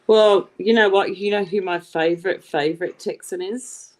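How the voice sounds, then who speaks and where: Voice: mid-range voice, steady tone, normal speed, low-quality recording. Panel guest, polite and wordy, casual livestream talk.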